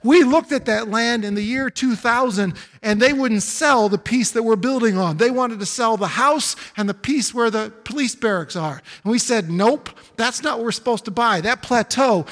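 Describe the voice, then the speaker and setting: A man's voice: extremely high pitch, normal speed, hardly any pauses, a bit bright, in a large hall. A man pastor preaching a sermon, building to emphatic exclamations. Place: church sanctuary.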